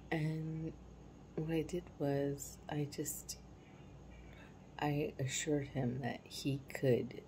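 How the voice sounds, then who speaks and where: A parenting vlogger in her forties tells a family story casually, candid and reflective, sometimes sinking to a soft hush. Her very low voice is dark and mellow with vocal fry. The recording is low quality, with a faint hiss underneath.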